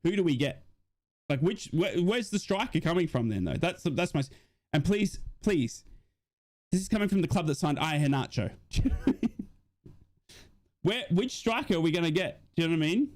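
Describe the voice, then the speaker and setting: Excitable young man doing fan commentary. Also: a little high, normal speed, pauses often. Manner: excitable, rambling, swears, reads chat comments aloud. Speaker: football watch-along host. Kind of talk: live fan commentary and chat replies.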